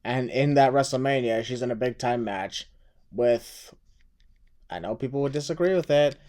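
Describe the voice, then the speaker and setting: A man's voice: mid-range voice, normal speed, a little mellow. Podcast host guy, mid voice, hypes up the next match like a ring announcer. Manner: announcer-like build-ups. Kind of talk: podcast hosting, introducing segments.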